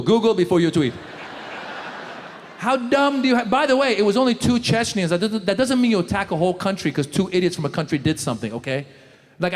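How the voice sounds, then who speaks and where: A male stand-up comedian doing a live set, mocking and quick, talking straight to the crowd on a handheld mic. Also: high-pitched, long reverb tail, a little hiss or hum. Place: live comedy stage before an audience.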